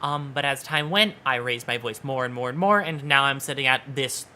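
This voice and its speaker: Quiet, bright-voiced woman streamer, playful and halting, faint hiss behind. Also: rumbling low. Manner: soft-spoken, quiet, never raises voice. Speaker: VTuber streamer. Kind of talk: casual livestream chat. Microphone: desk microphone.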